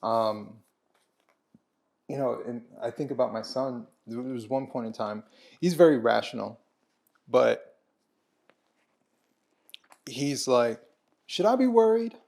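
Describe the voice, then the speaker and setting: Brief: male host, mid-pitch, gravelly, halting casual talker who restarts a lot. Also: steady tone, darkish tone. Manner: halting, with many restarts and fillers. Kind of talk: casual conversation over a meal.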